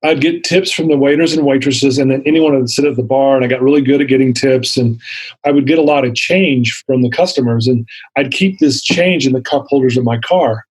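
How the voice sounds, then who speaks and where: A man's voice: medium pitch, a little fast, breathy edge, poor audio. A middle-aged man telling his story in a podcast interview, earnest and candid, acting out the dialogue. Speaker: interview guest.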